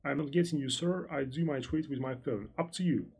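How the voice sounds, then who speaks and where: A man with a Russian accent, a native Russian speaker, giving a live-stream trading lesson, reading out and answering chat questions in a halting, repetitive way with many fillers. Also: mid-range voice, a little mellow, husky. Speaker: trading instructor.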